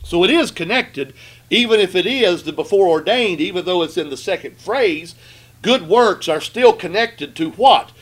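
A man's voice: sits high, lively intonation. Emphatic preacher, a man. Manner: emphatic, rhetorical questions, slows for scripture. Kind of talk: sermon.

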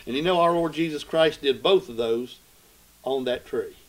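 A man preaching a sermon, asking questions of his listeners and swinging between loud emphatic cries and hushed low asides. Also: moderate pace, rough recording.

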